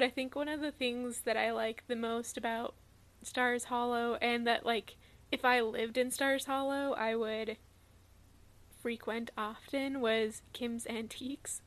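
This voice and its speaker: Woman co-host, slightly high voice, rambling and loose with fillers. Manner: rambling, with filler likes and soft asides. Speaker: podcast co-host. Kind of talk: casual podcast chat.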